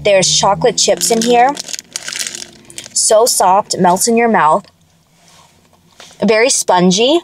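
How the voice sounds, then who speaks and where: A woman's voice: mid-range voice, takes it slowly, long pauses, a little hiss or hum. A young woman hosting a mukbang, chatting casually to viewers between bites into a close mic. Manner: chatty, tasting food between lines, addresses viewers as friends. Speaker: mukbang host. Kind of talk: casual eating-show chat to viewers. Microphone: close mic that picks up swallowing.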